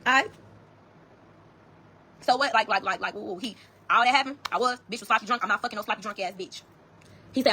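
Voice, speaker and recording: High, fast-talking woman telling a story. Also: expressive, pushed and bright, husky. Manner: profane, emphatic, addresses listeners as y'all. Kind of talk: casual storytelling to viewers.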